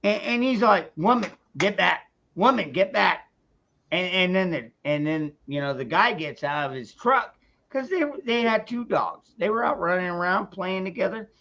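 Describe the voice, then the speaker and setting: A man's voice: sits high, lively intonation, normal speed, fairly bright tone. A man ranting on a casual livestream, angry and profane, stumbling through restarts as he talks. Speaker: streamer. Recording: dull lo-fi sound.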